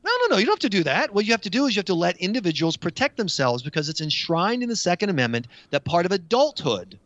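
A man with an American accent arguing his side in a studio debate, sarcastic and animated. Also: high voice, fast talker, no echo, lo-fi sound. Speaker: studio guest.

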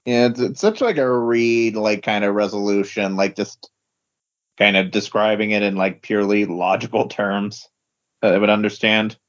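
A deep-voiced podcast guest chats casually about comic books at normal speed on a lo-fi recording. He sounds hesitant, uses many fillers, and laughs along.

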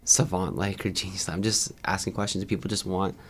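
Fast-talking low-voiced man telling stories. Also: breathy edge. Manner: fast, animated storyteller acting out dialogue. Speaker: guest, content creator. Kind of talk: casual storytelling.

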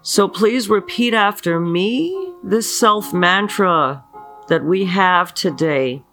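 An earnest spiritual teacher talks at an unhurried, deliberate pace, with a voice that swoops widely up and down. The talk leans on rhetorical questions and frequent check-ins with the listener. Faint guitar music plays softly underneath. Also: medium pitch, expressive. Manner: earnest, asks many rhetorical questions, often checks in with "okay". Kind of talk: slow motivational spiritual talk leading a mantra.

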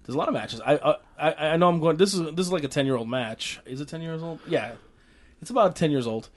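A man co-hosting a casual chat, eager and agreeable, quick to check facts. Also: fairly high pitch, expressive. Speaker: podcast co-host.

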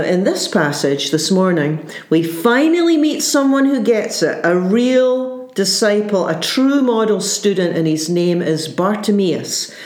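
Woman pastor, sermon, earnest and unhurried, low voice, echoey room. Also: a little mellow. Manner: earnest, searching, restarts phrases.

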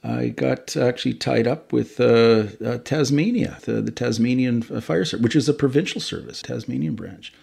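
With a husky, gravelly, darkish mid-range voice, this man speaks at a moderate pace with few pauses. He's a Canadian fire chief in his fifties, spinning stories in a relaxed interview and rambling while fixing his own slips as he goes.

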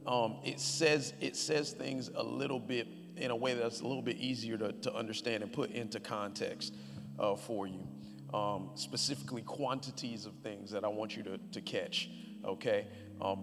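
A man preaching a sermon, joking and chatting with his congregation, then reading scripture with loud emphasis. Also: medium pitch, big-room sound. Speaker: pastor. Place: church sanctuary.

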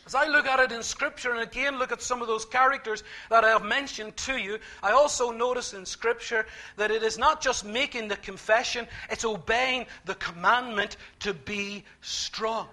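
High, bright-voiced preacher man. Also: normal speed, few pauses. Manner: emphatic, repeats key phrases, swings from quiet to loud. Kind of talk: sermon.

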